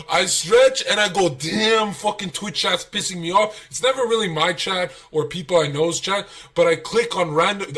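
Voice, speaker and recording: A young man telling stories on a livestream, swearing, laughing and acting out what people said. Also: sits high. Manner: profane, animated storytelling, laughs, acts out quotes. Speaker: streamer guest. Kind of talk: casual livestream chat.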